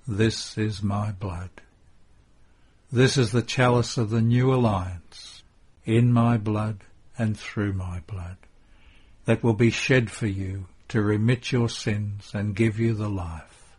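A man reading as Jesus, grave and tender, in a devotional audiobook. The voice is low and husky, and each line is spoken slowly and deliberately. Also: fairly even intonation, a little mellow. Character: solemn, tender adult male Jesus bidding farewell.

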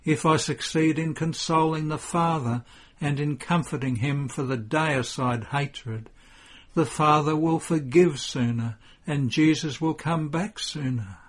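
A husky-voiced man voicing a grieving mother who pleads with anguished exclamations beside her dead son. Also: fairly high pitch, a little slow, pitched above the performer's own voice. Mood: pleading.

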